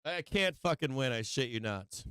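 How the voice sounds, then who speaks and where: A man hosting a live stock market stream from his home office, swearing constantly and talking in an agitated, rapid-fire way. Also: mid-range voice, lively intonation, fairly bright tone, clean tone, dry recording. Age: adult with children. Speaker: stock market livestream host. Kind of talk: live market commentary to viewers.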